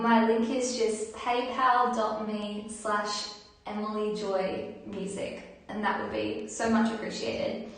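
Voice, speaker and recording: A woman, a singer chatting casually on her livestream and reading out viewer comments in a friendly, filler-filled way. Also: on the high side. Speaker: singer hosting a livestream concert. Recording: very echoey room, far from mic, guitar.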